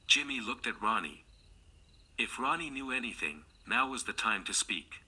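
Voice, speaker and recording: Male narrator for a classic mystery audiobook; cutting, husky tone, steady delivery. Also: fairly low pitch, normal speed. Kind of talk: scripted narration.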